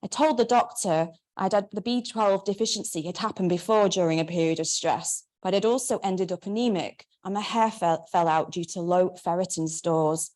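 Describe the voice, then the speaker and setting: A woman, reading her memoir aloud in a wry, measured way. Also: on the low side, a little mellow. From Manchester, England. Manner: wry, measured first-person narration. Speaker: memoir author.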